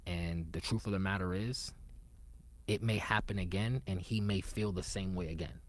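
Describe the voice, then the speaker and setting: A man with a very deep voice speaks in a reflective conversational way. He is earnest and often sinks into a soft, low murmur. When he stresses a point he turns emphatic. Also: fairly even intonation, normal speed.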